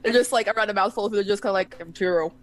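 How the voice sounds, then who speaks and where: A woman's voice: medium pitch, fairly even intonation, racing. A woman player at a tabletop game, chatting playfully and narrating her character. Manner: laughing, playful. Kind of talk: casual chat at a tabletop game.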